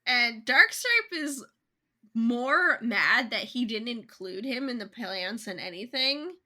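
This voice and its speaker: A young woman co-hosting a casual book podcast, retelling a story in a chatty way with quick voiced asides. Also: a little high, animated, pushed and bright. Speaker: podcast co-host.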